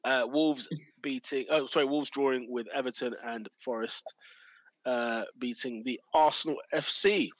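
A man's voice: mid-range voice, fairly even intonation, measured pace, no room sound. A man, hosting a football banter podcast in slang-heavy casual chat and laughing often. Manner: slangy, loud, laughs a lot. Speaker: podcast host.

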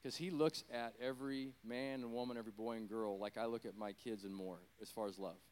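A man's voice: medium pitch, steady tone, a little fast, a little mellow. A middle-aged man, a former pastor, preaching a conversational sermon and telling a personal story, rambling with self-deprecating, apologetic asides.

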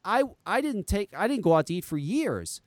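A man in his forties rants as a talk-radio podcast host, profane and exasperated. His voice sits high for a man and swoops up and down as he argues. The sound is close and dry, with no room around it. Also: sing-song, normal speed, no echo. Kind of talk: ranting talk-radio commentary.

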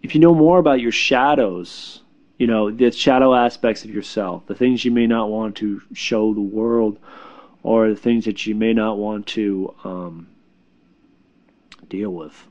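A man's voice: on the low side, fairly even intonation, darkish tone. Man, spiritual healer, reassuring, stumbles and repeats words, dull lo-fi sound. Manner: halting, repeats words, many fillers. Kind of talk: casual spiritual advice talk.

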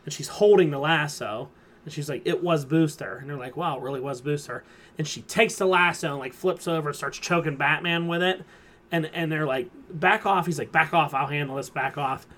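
Podcast host, male, slightly high voice, rambling and filler-heavy recap style. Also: fairly quick, fairly bright tone. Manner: rambling retelling full of fillers. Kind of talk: casual chat.

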